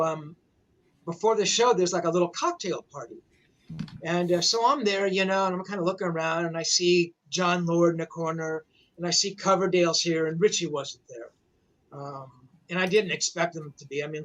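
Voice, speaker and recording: This sixty-something rock journalist talks over a video call, casually wandering through a lengthy story packed with "you know, man" fillers. The voice is a little high with a fairly bright tone, and there's slight background noise.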